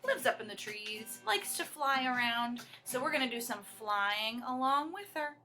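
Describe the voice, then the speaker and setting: A woman with a high, bright voice guides young children through a movement song, cheerful and encouraging as she explains each step. Guitar music plays behind her, clearly heard. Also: animated, normal speed. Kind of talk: leading a children's dance song. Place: at home. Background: acoustic guitar.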